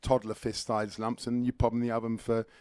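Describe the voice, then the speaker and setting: A middle-aged man, a food critic on a radio studio interview, talking fast and with lots of enthusiasm. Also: medium pitch, dry recording. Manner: fast, enthusiastic, animated storytelling. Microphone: studio microphone.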